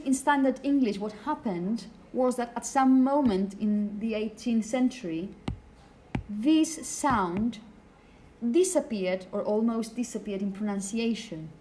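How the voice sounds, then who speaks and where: A woman giving a classroom lecture, explaining slowly and often checking in with the students. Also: on the high side, a little mellow.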